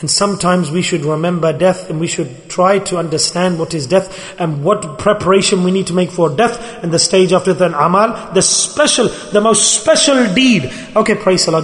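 A man preaching a sermon in an emphatic, repetitive way. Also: high-pitched. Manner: emphatic, repetitive, acts out pleading voices. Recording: hall reverb.

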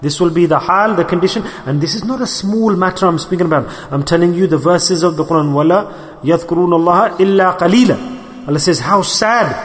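High-voiced man preaching in an echoing hall. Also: very fast. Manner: emphatic, repeats phrases, asks the audience questions; mixes English with Arabic and Urdu religious terms. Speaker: Sufi shaykh preaching on dhikr. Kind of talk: sermon. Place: mosque hall.

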